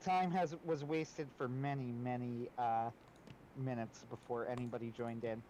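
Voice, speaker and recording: A man's voice: mid-range voice, steady tone, moderate pace, a little mellow, a little hiss or hum, low-quality recording. A man co-hosting a livestream, talking in a dry, matter-of-fact way. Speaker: livestream co-host. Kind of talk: casual chat.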